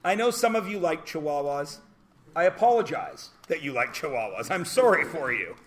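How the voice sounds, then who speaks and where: Animated, joking male math teacher. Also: on the high side, moderate pace, slight background noise. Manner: loud, joking rants with sudden shouts. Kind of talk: animated classroom lecture. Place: classroom.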